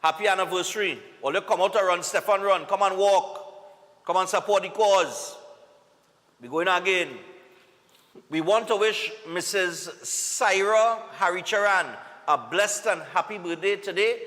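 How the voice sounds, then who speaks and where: A Trinidadian man reads viewer greetings on a morning show in a high, bright voice. His casual, upbeat delivery is full of local slang. The studio has a long, ringing reverb. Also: unhurried. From Trinidad and Tobago. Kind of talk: live TV greetings segment.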